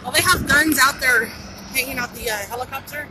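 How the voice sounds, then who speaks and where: This citizen reporter is livestreaming unscripted commentary on her handheld phone from a pedestrian bridge by a busy border crossing. She speaks fairly quickly in a high voice, urgent and excited, a little breathless, saying things more than once. Helicopters and traffic are audible in the noisy outdoor recording.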